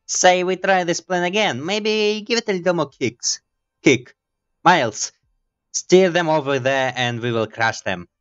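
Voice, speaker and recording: A man voicing a tough young woman survivor, in a gentle, slightly feminine delivery. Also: a little high, a little slow, smooth, muffled recording, pitched above the performer's own voice, lightly acted. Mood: determined.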